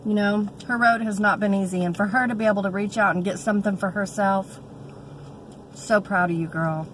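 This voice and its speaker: Holding her phone at arm's length in the car, a woman in her thirties talks to viewers in a heartfelt, chatty casual vlog with a drawl. Her mid-range voice stays steady, though she often stalls on fillers and starts over; recording quality is low, with faint vehicle noise.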